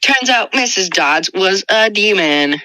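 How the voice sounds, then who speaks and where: A woman's voice: medium pitch, lively intonation, measured pace, noisy background. A teenage girl co-hosting a casual podcast, retelling a story with playful sarcasm. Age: teens. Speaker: podcast co-host. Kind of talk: casual chat.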